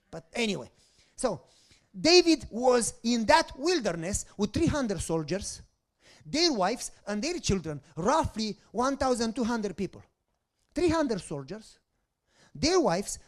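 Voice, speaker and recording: Male pastor, dramatic storytelling sermon, very expressive pitch, hushed-to-loud delivery. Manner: dramatic storytelling with rhetorical questions to the congregation; swings between soft hushed lines and loud bursts.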